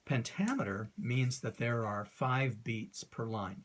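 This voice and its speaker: A man, an author, explaining a poetic rhythm in an informal lesson, talking unscripted with many ums and uhs and reciting verse slowly. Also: medium pitch, expressive.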